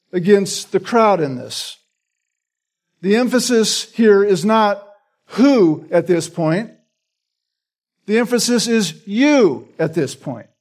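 A man's voice: high voice, a little mellow. A man preaching an expository Bible study, often repeating words and checking in with his listeners. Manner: repeats words while teaching, asks "right?". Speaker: pastor.

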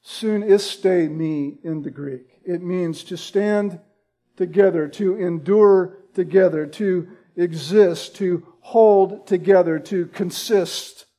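A man preaching a sermon, deliberate and emphatic, building in intensity on key points. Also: high voice, mellow.

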